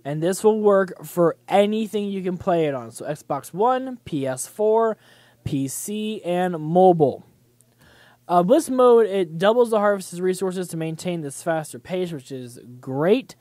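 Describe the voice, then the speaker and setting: A man's voice: sits high, expressive, a little slow, darkish tone, no echo. Rambling young man hosting a livestream. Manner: rambling, many fillers and restarts. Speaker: livestream host. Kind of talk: casual gaming news chat.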